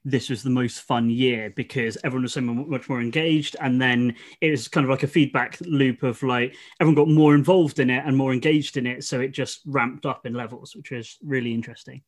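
A man's voice: mid-range voice, steady tone, brisk, few pauses. A man co-hosting a podcast, telling stories animatedly in casual chat and swearing freely. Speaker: podcast co-host.

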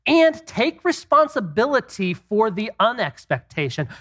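A man giving a relaxed Christian teaching on marriage, speaking conversationally with many rhetorical questions and casual asides. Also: high-pitched, normal speed.

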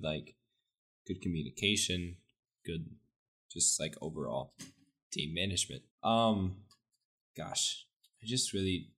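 Brief: deep-voiced male co-host, relaxed rambling delivery. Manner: easygoing, rambling, trails off. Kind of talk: casual chat.

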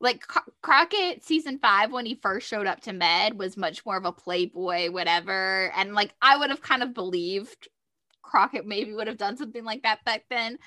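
A woman co-hosting a podcast, gushing excitedly as she retells TV scenes in casual chat. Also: mid-range voice, moderate pace, no echo, clean studio sound. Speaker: podcast co-host. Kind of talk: casual fan chat about a TV show.

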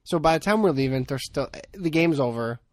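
A man's voice: on the high side, lively intonation, a little fast, no room sound. A man, hosting a podcast and telling rambling, jokey stories in casual chat. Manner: joking storyteller, rambling asides. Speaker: podcast host.

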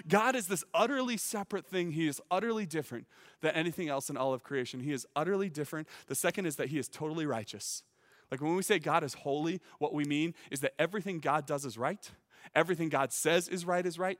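In a big-room space, a high-pitched man preaches as teaching pastor. He's earnest and emphatic, climbing to loud peaks and often repeating words as each phrase begins.

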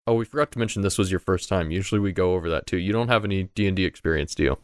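A man's voice: low-pitched, racing, no echo, studio quality. A young man narrating as game master of a tabletop game in a casual, loose way.

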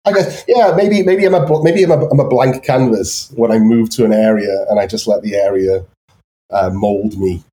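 Guest: man, anglicized North Welsh accent, warm mellow tone, halting delivery with lots of fillers. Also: on the low side. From Wales. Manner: hesitant, many ums and restarts. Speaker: guest artist. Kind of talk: casual chat.

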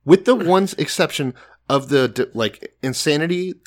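A man's voice: on the high side, normal speed. Laid-back, swearing man retelling a story. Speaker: podcast co-host. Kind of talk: casual storytelling chat.

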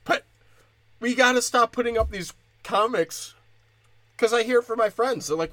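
A man's voice: very high voice, moderate pace, pauses often, bright, forceful tone, dry recording. A young man doing a crude, profane stand-up comedy rant.

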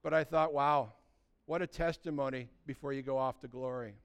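A man's voice: medium pitch, steady tone, moderate pace, clean tone. A male pastor preaching a sermon, emphatic and storytelling, building his points through repeated phrases.

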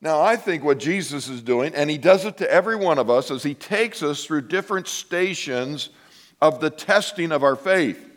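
A man preaching a sermon to his congregation, telling a story with lively asides and acting out the voices of the people in it. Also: a little high, normal speed. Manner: animated storytelling, acts out quoted voices. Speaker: pastor.

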